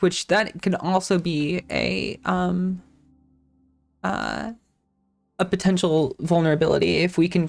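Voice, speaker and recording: A woman's voice: lowish voice, creaky. A woman hosting a casual live-stream tech talk, thinking aloud with restarts, self-corrections and casual swearing.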